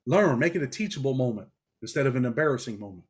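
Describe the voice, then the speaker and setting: A middle-aged man talks quickly in blunt, streetwise phrases. He keeps dropping "man" and "bro" as he tells his stories. His voice sits in a middle pitch. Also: animated, slightly rough. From New York. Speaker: interview guest, former prisoner. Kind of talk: casual interview storytelling.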